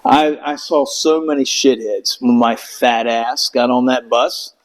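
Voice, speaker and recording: A man's voice: medium pitch, unhurried, rough recording. A middle-aged man telling a rambling, profane story in casual chat, acting out quotes in raised voices. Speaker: Marine veteran guest.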